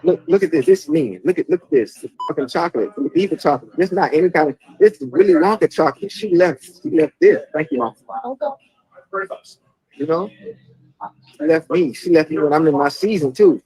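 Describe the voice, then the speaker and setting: A man in a reality show clip, exclaiming loudly and repeating himself. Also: on the high side, brisk, slightly rough, rough recording. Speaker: reality show cast member.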